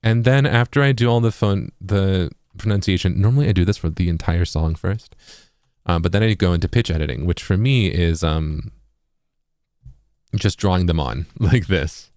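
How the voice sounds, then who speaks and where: A man with a very deep, low voice walks through a tutorial in a casual, explanatory way. He often checks in with "right?" The sound is dry and close, with no room echo. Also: moderate pace, darkish tone. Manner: explanatory, keeps asking "right?". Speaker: music producer.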